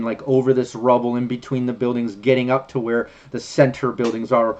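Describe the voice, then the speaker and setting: A man narrating as game master of a tabletop game, describing scenes loosely with many fillers. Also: medium pitch. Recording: slightly muffled audio.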